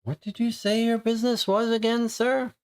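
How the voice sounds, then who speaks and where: A woman's voice: a little high, little pitch movement, normal speed, a little mellow, clear, resonant tone, pitched above the performer's own voice, natural voice. A man putting on a flustered evasive housewife. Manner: flustered, evasive, overly polite. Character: disheveled secretive middle-aged housewife.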